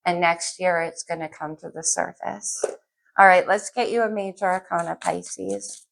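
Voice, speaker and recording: A woman reads tarot for her viewers in an easy, chatty way. Her voice sits low with a gravelly fry running through it. She talks her thoughts out loud as she pulls cards, wandering a little and then circling back. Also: fairly even intonation, normal speed. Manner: chatty, scattered, thinks aloud while pulling cards. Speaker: tarot reader. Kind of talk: casual tarot reading to camera.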